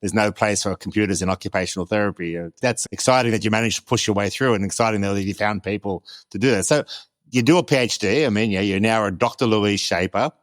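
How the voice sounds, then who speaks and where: A man co-hosting a podcast, asking follow-up questions in relaxed conversation. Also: on the low side, fast, no echo. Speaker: podcast co-host. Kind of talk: casual interview chat.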